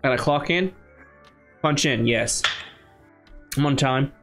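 A man's voice: medium pitch, takes it slowly, over music. A man from the United States giving chatty, casual commentary while playing a game, thinking aloud with many restarts. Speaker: gaming channel host. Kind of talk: casual let's-play commentary.

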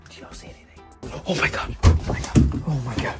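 A young man vlogging in a panicky, breathless way, often dropping to a hushed whisper. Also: a little fast. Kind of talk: staged prank vlog. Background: background music.

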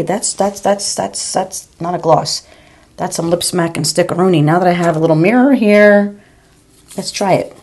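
A beauty vlogger in her forties or fifties reviews makeup casually at home, chatting away, calling viewers "girl" and stammering with repeats. Her voice is lowish and darkish, with a little hiss or hum.

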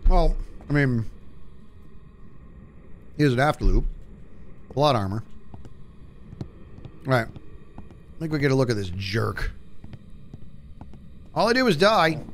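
Playful, lively middle-aged man streaming. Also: medium pitch, slow, pauses often, a little hiss or hum. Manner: playful and jokey, teasing teammates. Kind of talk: live game stream chat.

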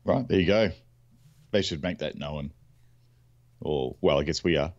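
A man's voice: extremely low pitch, measured pace, a little mellow, lo-fi sound. A man co-hosting a podcast in casual chat, mostly agreeing with short replies and adding brief comments. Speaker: podcast co-host.

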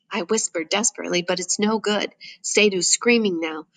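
A woman reading a first-person novel aloud as an audiobook narrator, in a steady, measured way. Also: mid-range voice, vocal fry, no room sound, poor audio.

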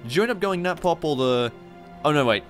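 A man's voice: on the high side, lively intonation, a little fast, faint music behind. A young man hosting a strategy game playthrough, rambling and swearing with mocking asides. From Australia. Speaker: gaming channel host. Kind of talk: casual strategy game commentary.

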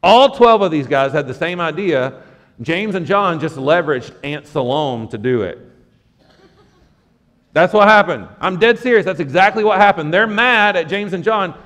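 A man preaching a sermon as pastor, conversational and lively, with asides to the congregation. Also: high voice, moderate pace, in a large hall. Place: church sanctuary.

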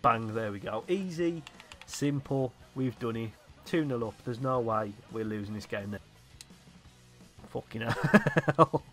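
Excitable lad commentating his game. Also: mid-range voice, normal speed, soft background music. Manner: animated, swears, shouts at players. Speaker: gaming YouTuber.

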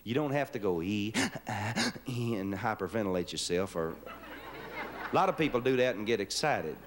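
A man's voice: on the low side, expressive, fairly quick. A man hosting a show on stage, joking in a down-home way and leading the audience in chants. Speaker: host. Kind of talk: folksy stage patter with audience. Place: TV studio stage with live audience. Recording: noisy 1970s live TV broadcast. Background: studio audience laughing.

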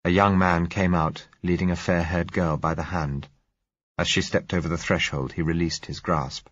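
A man reading a novel aloud in measured, first-person narration. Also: sits low, steady tone. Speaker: audiobook narrator. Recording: dull lo-fi recording.

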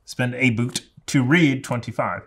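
A man reading board game rules and cards aloud in a steady, matter-of-fact way during casual play with friends. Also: medium pitch, a little slow, slight background noise. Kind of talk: casual tabletop game chat.

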